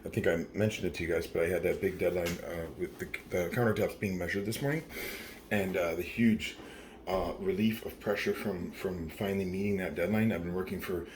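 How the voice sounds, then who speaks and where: Brief: weary man in his thirties, late-night confessional, rambling and profane, lowish voice, faint hum behind. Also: fairly even intonation, a little fast. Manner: rambling, profane, tired, many fillers. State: very tired. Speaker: vlogger.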